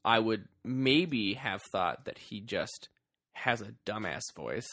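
Lively, gravelly man co-hosting a podcast. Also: lowish voice, takes it slowly, no room sound, clean studio sound. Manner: laughs often, playful banter. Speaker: podcast co-host. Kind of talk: casual movie podcast chat.

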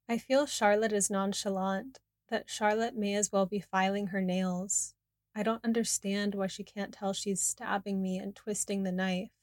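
A woman narrates her own story in the first person, candid and confessional. Her pitch sits in the middle range. The sound is dry and close, with no room echo. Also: steady tone, moderate pace. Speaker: memoir narrator.

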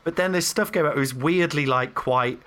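Bright-voiced man telling stories. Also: fairly high pitch, fairly quick, a little hiss or hum. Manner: animated storytelling, many fillers. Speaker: podcast host. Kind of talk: casual chat.

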